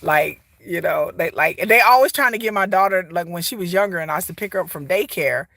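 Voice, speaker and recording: A woman's voice: on the low side, fast, creaky, a bit bright, dry recording, studio quality. A woman in her forties chatting casually to camera as a vlogger, rambling, laughing often and mimicking people. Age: 40s.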